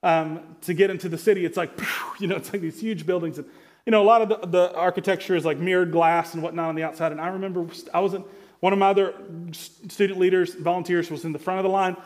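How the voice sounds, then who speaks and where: A male pastor in his thirties delivers a sermon with a high-pitched voice. He talks in a loose, conversational way and sinks into a quieter, intense tone to press his points. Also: steady tone, fast talker.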